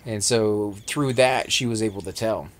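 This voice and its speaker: A man's voice: lowish voice, moderate pace, slight background noise. A man with a Texan accent, chatting casually with friends while streaming an online game, rambling and restarting his sentences. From Texas. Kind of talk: casual gaming chat.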